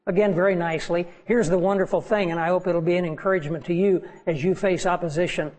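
A man's voice: sits high, steady tone, fast, darkish tone, rough recording. A man preaching a sermon as pastor, earnest and pleading with his congregation.

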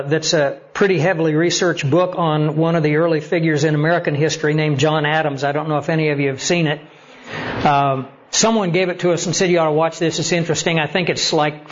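A man preaching a sermon, telling stories and building to animated emphasis as he makes his points. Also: a little high. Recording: slightly dull lo-fi sound with faint noise.

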